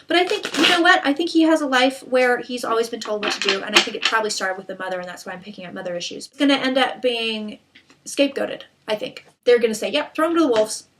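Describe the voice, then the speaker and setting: A woman's voice: on the high side, lively intonation, quick pace, very noisy. A woman reading tarot cards in a casual monologue, blunt and irreverent, with frequent fillers and restarts. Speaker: psychic tarot reader.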